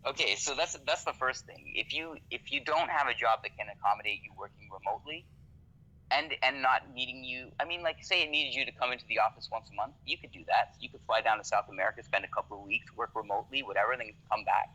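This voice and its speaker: A man's voice: mid-range voice, fast talker, pushed and bright, lo-fi sound. A man from Canada, a podcast guest talking casually, swearing freely and often checking "you know what I mean". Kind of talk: casual conversation.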